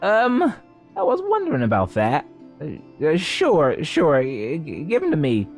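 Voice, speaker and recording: A nervous male gate guard with a strained, squeaky high voice, as a man puts him on. He stumbles over his words and rushes his lines. Faint music plays underneath. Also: huge pitch swings, darkish tone, heavily acted. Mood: flustered. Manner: stammering, flustered.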